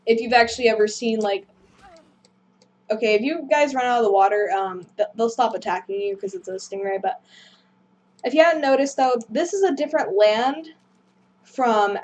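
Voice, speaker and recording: Woman doing casual game commentary, rambly and apologetic, higher voice. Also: moderate pace, pauses often, a little mellow. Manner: rambling, self-deprecating, apologetic. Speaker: gaming video host.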